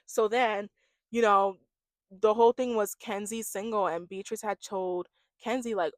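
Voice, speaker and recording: A woman giving a gossipy, animated recap of a reality dating show, imitating the cast as she goes. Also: mid-range voice, normal speed, no room sound. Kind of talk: casual reaction commentary.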